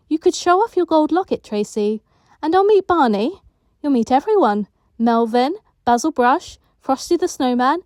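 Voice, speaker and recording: A woman's voice: on the high side, darkish tone, no room sound, studio quality, close to an everyday voice. A woman voicing a friendly male television presenter, upbeat and chatty.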